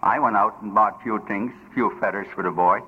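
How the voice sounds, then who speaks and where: A man's voice: lowish voice, a little fast, slightly rough. An older man telling his personal story at a recovery meeting, humorous and plain-spoken with broken grammar. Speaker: recovery speaker. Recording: dull lo-fi recording with faint noise.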